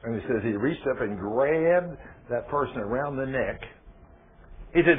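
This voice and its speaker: A man's voice: mid-range voice, expressive, a little slow. A man preaching a sermon, firing rhetorical questions at his listeners and retelling scripture with quoted dialogue. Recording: tinny phone-like radio broadcast.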